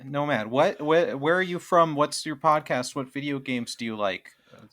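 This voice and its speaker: A man's voice: on the high side, moderate pace, a bit bright. A man co-hosting a casual video game podcast, talking in a playful, goofy way. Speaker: podcast co-host.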